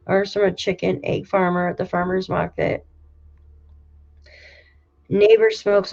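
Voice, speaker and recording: A woman's voice: fairly low pitch, vocal fry, a little mellow. Chatty woman streamer, exclamatory. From New York State. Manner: chatty and exclaiming, swears casually. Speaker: livestream host reading viewer comments. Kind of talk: casual live chat. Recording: slightly dull lo-fi audio.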